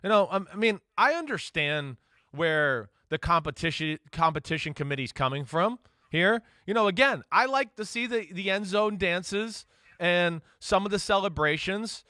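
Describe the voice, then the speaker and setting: A man's voice: high-pitched, animated, normal speed, pushed and bright, dry recording, studio quality. A man co-hosting a sports talk show, talking in a conversational, earnest way with lots of fillers. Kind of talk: casual studio sports talk.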